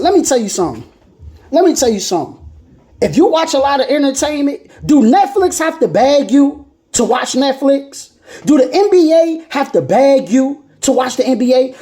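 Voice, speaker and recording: A woman delivers a motivational sermon, emphatic and repetitive, with casual slang. Her voice sits high and moves a lot, with a mellow, darker tone. She builds to impassioned peaks. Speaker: preacher.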